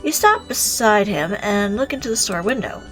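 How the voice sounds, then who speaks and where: A woman reading a visual novel aloud, reacting with animated exclamations and the odd swear word. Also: mid-range voice, normal speed, soft background music. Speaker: game streamer.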